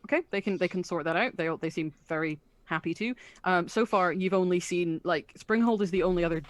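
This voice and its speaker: Woman game master, hesitant narration, lowish voice, dry close mic. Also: brisk, no room sound. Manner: hesitant, many ums.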